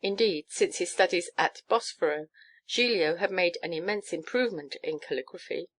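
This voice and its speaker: A woman narrating a children's storybook in a lively, expressive reading. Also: on the low side, moderate pace. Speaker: audiobook narrator.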